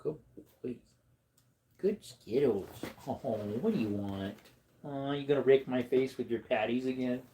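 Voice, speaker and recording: A man chatting casually on a livestream, rambling to his viewers and breaking into high baby talk with his dog. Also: a little slow, dark tone, slight background noise.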